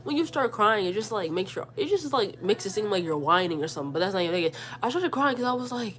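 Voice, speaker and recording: A young woman talks straight to her audience in a loose storytime, full of slang and quick repeats. She jumps between her own voice and acted-out lines, in a middle-pitched, everyday tone. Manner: animated, slangy, repeats words, acts out quotes. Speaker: storyteller vlogger. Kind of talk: casual storytime.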